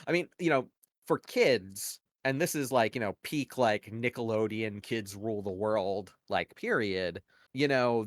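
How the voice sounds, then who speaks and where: A man's voice: mid-range voice, a bit bright, no echo, studio quality. A man co-hosting a podcast, talking casually and at length, arguing his opinions with many "like" and "you know" fillers. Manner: rambling, heavy use of "like" and "you know" fillers; opinionated, argues points at length. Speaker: podcast co-host. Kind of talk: casual conversational analysis.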